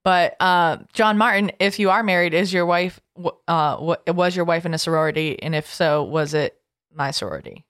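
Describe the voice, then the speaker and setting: A woman's voice: lowish voice, no echo, studio quality. A woman co-hosting a podcast, chatting in a bubbly, jokey way. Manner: bubbly, jokey, quick to laugh. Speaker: podcast co-host. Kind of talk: casual chat.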